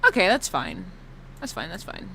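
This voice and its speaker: A woman streamer chatting casually during a live stream, animated and laughing often, with mock sobbing and some swearing. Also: lowish voice, normal speed, creaky, slight background noise.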